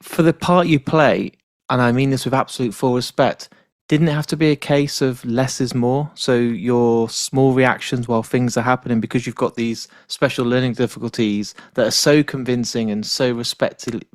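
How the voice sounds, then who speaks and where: A man's voice: medium pitch, steady tone, normal speed, no echo, studio quality. A man hosting a podcast interview, asking long rambling questions with open enthusiasm. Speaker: podcast host. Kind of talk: casual interview chat.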